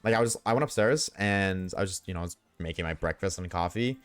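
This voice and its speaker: A low-pitched young man chats fast with his viewers on a gaming livestream, joking around, swearing and answering chat. The recording is dry, with soft background music.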